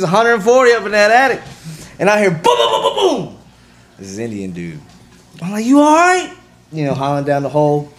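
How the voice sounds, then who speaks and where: A man telling a rowdy work story in casual chat, swearing freely and laughing as he goes. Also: sits high. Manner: profane, animated storytelling with laughs. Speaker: guest.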